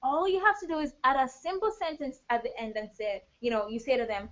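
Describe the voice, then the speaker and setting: Energetic woman coach, higher voice, live online training, dull lo-fi stream audio. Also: a little fast. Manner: energetic, addresses viewers directly. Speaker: business coach.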